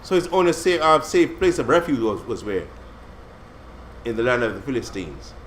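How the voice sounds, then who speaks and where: A man's voice: medium pitch, very animated, moderate pace, slight background noise. A man leading a casual Bible study, explaining scripture in slangy, conversational talk full of restarts and "you know what I'm saying". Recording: echoey room.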